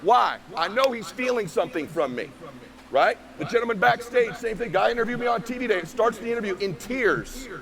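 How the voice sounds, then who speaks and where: A man's voice: very high-pitched, animated, a little fast, creaky, crowd noise. A man giving an emphatic, preachy motivational keynote on stage before a live audience, firing off rhetorical questions. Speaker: motivational speaker.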